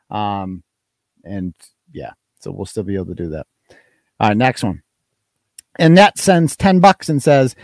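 A man's voice: medium pitch, a little mellow, dry recording. A man hosting a live stream, chatting casually and reading out donation messages with loose, crude jokes. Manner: loose, joking, crude asides. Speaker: host.

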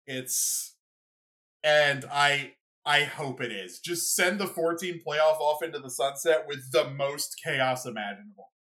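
A young adult podcast host in a casual solo rant, rambling and excitable, with lots of "like" and "you know". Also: medium pitch, measured pace. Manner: rambling, filler-heavy, excitable.

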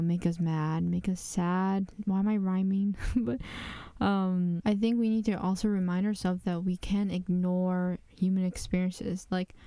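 A woman's voice: medium pitch, warm tone, smooth, no room sound. A woman hosting a podcast from her closet, speaking openly in a confessional way with many fillers. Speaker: podcast host. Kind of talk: candid personal podcast monologue.

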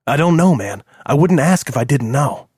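A man voicing a male profiler who talks in a calm, questioning, reasoning way. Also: fairly high pitch, moderate pace, breathy edge, no echo, studio quality.

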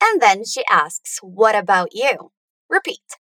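A woman leads an English lesson, sounding out phrases slowly and carefully so learners can repeat them. Her pitch moves a lot, rising and falling as she stresses each word. The sound is close and dry, with no room echo. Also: very animated, fairly bright tone. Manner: slow, deliberate, stretching out words for learners to repeat. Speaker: English pronunciation teacher.

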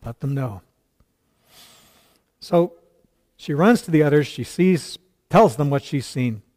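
A man's voice: on the high side, expressive, a little slow, darkish tone. A male pastor preaching a sermon, retelling a story earnestly with quoted dialogue and occasional stumbles.

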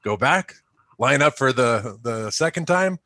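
Bright-voiced man excitedly telling a story. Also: medium pitch, unhurried, dry recording, clean studio sound. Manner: excited, laughing, builds up as he tells. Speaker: former hockey player, guest. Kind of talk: casual storytelling.

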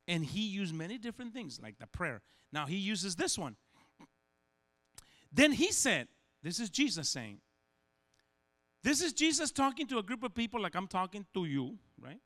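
A man preaching a sermon, animated and humorous, acting out little scenes and voices as he goes. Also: high-pitched, normal speed, pauses often. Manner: animated, acts out voices and dialogue, humorous asides.

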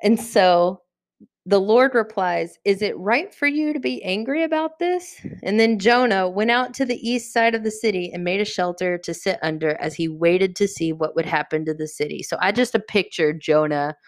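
A woman hosting a podcast, teaching a casual Bible study in a lively, chatty way and acting out the characters. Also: on the low side, normal speed, dry recording, studio quality. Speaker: podcast host.

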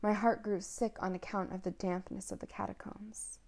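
A woman reading a classic short story aloud in a measured, hushed dramatic way. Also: medium pitch, level tone, vocal fry. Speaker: reader.

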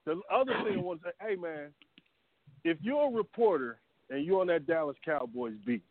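A man calling into a sports talk show, ranting in an animated, exasperated way. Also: a little high, fairly quick, no echo. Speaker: regular caller. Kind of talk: casual sports talk call-in. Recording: dry tinny phone line.

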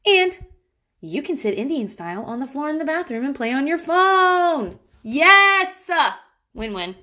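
A woman and mother hosting a show, talking casually and candidly, swearing freely and joking, her voice swinging from high and bright to low and quiet. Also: big pitch swings, fairly quick. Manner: candid, profane, jokey. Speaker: podcast host, mother. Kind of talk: casual chat.

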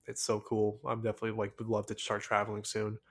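A young man from the United States hosting a solo podcast, rambling excitedly with many fillers and restarts in a casual monologue. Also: lowish voice, fast, slightly rough. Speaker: podcast host.

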